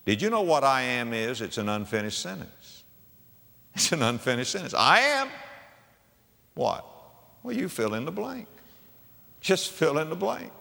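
Male preacher, bright and forceful tone, big dynamic swings, long hall reverb. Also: mid-range voice, sing-song, moderate pace, vocal fry, long pauses. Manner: dramatic swings from hushed to shouting, repeats phrases. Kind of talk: sermon.

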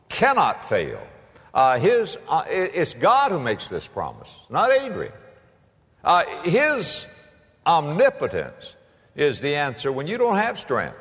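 A man preaching a sermon with an animated, rising and falling voice. He swings from emphatic proclaiming to quiet storytelling. His voice rings with a long reverb, as if in a large church sanctuary. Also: on the high side. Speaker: pastor.

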